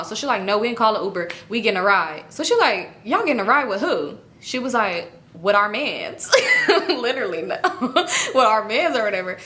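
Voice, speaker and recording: A young woman with a bright, forceful voice sitting a little higher than most, chatting through a storytime vlog. She jumps between her own telling and her friends' voices, full of attitude and quick back-and-forth. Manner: animated, acts out friends' lines with laughs. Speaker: storytime vlogger. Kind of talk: casual storytime chat.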